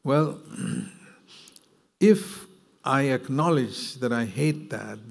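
A man's voice: medium pitch, vocal fry. A man preaching a sermon, earnest and reflective, with bursts of emphatic, rising delivery. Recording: long hall reverb.

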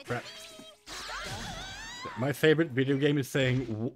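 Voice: mid-range voice, normal speed, long pauses. A young adult streamer giving casual commentary during a match, joking, laughing at their own jokes and swearing freely. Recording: game music playing behind.

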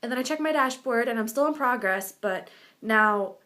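Young woman, twenties, casual vlog, rambling and chatty, bit high-pitched, talking to camera at home. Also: moderate pace, bright, forceful tone. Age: 20s. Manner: chatty, rambling, filler-heavy. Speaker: vlogger.

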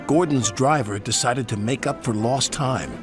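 A man narrating a children's story aloud, expressive and reading all the parts. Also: mid-range voice, normal speed. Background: music.

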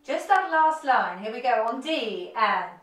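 Woman violin teacher, lively high voice, encouraging, echoey room, a bit off-mic, violin in the background. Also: unhurried, distant mic. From United Kingdom. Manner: encouraging, upbeat instructions. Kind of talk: online music lesson. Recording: roomy echo, off-mic, violin playing.

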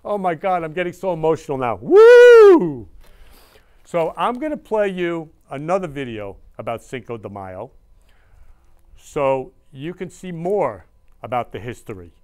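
A male show host with a smooth, resonant voice and a slightly high pitch. He talks casually and emotionally, repeating himself with gushing warmth toward his viewers. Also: very animated, normal speed. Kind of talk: casual live-stream talk.

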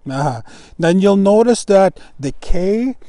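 A man teaching pronunciation of Cree words, slow and patient, repeating each word syllable by syllable. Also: sits high, animated, dark tone, no room sound. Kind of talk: language lesson.

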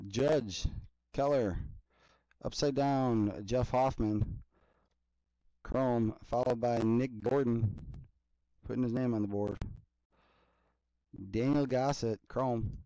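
A man hosting a card break, reading player names in a steady list between casual chatty asides. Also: mid-range voice, slow pace, pauses often, dry recording, rough recording. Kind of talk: casual running commentary while opening card packs.

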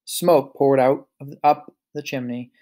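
A man reading a picture book aloud, with relaxed, chatty asides between stories. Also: medium pitch, measured pace. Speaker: storyteller.

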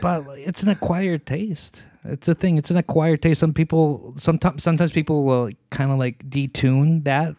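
A man co-hosting a podcast talks at a plain middle pitch, earnest and explanatory. He slows down to drive his points home, and his voice sits dry and close to the microphone. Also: fairly even intonation, dark tone, no echo. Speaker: podcast co-host. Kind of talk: casual chat.

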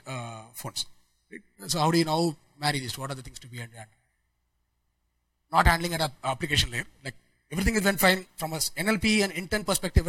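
A man giving a technical conference talk, talking quickly with frequent restarts and fillers. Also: fairly high pitch, sharp tone, low-quality recording. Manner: rapid, many restarts and fillers. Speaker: conference speaker.

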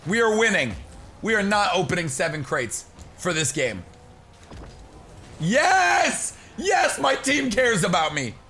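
A young man giving excited live gameplay commentary, shouting and laughing as he plays and chats to viewers. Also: sits high, normal speed, slight background noise. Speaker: gaming YouTuber.

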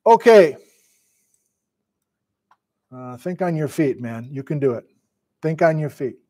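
A man's voice: medium pitch, moderate pace, a little mellow. Flustered middle-aged man lecturing live. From Wisconsin, USA. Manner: flustered, thinking aloud, self-talk. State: sleep deprived. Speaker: geology lecturer. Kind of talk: casual live-stream lecture.

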